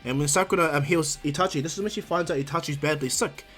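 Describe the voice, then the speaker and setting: A man casually retells a fan-made story, rambling and restarting often. His voice sits a little high, and faint music plays under him. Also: fast, fairly bright tone. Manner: rambling, many fillers and restarts.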